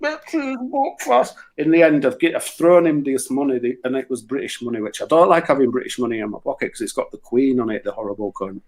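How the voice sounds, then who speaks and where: A man spinning a comic yarn, loose and sweary, with sudden animated outbursts. His voice sits at an everyday middle pitch. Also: fast, hardly any pauses, poor audio. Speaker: musician and guest storyteller. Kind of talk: casual comic storytelling.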